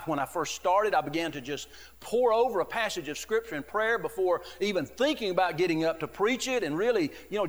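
A middle-aged associate pastor preaches with a high-pitched, slightly bright voice that rings through a big room. His sermon is earnest and conversational, told as stories peppered with "you know."

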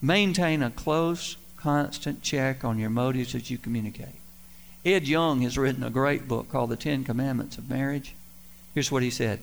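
A middle-aged man preaching a sermon, telling folksy, self-deprecating stories with emphatic swings in loudness. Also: medium pitch, moderate pace, gravelly. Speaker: pastor. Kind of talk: sermon with storytelling.

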